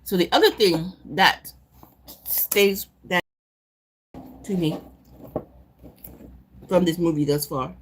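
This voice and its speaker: A woman live-streaming casually, retelling a movie in an animated, profane, rambling way. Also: lowish voice, slow, pauses often, slight background noise. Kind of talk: casual chat recapping a movie.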